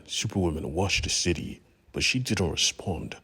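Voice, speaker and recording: Low husky man retelling a comic. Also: moderate pace, sharp tone. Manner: casual, profane, slangy retelling. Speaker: comic book recap narrator. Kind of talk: casual storytelling recap.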